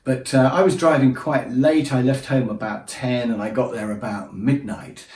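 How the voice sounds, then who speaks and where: At a moderate pace and with fairly even intonation, a man with a medium-pitched, slightly mellow voice tells casual travel anecdotes, chatty and self-deprecating, acting out the funny moments. The recording is echoey, with his voice coming from a distance.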